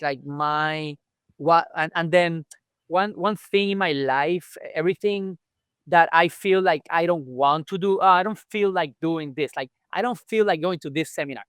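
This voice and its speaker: Man, fairly high voice, smooth and clear, dry close mic, animated storyteller, podcast interview. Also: a little slow, no echo. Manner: animated storyteller acting out remembered dialogue. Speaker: chiropractor guest.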